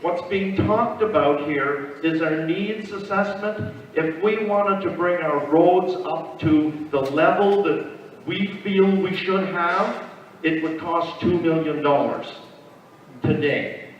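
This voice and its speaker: An older man campaigns for local office at a public meeting. His talk is halting, with restarts, and turns earnest. He is far from the mic in a long-echoing hall, and the sound is dull. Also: a little high, slight background noise. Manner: halting, repeats words, then earnest. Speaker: municipal candidate. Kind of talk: candidate's speech at a public meeting.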